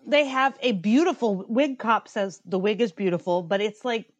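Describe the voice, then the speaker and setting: A woman's voice: medium pitch, expressive, moderate pace, no room sound. Blunt, profane woman ranting in a podcast. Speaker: podcast co-host. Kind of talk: casual opinionated review chat.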